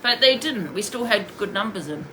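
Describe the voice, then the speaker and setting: A woman's voice: medium pitch, lively intonation, normal speed, bright, forceful tone, a little hiss or hum. A woman streaming live, bluntly and scornfully ranting while she answers viewers' comments. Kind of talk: heated live-stream rant.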